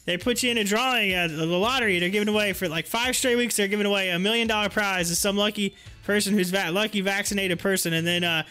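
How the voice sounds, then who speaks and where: High, bright-voiced man chatting on a livestream. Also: fast talker, clean tone, faint music behind. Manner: rambling, giggly storyteller full of fillers. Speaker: stock market livestream host. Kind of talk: casual livestream chat.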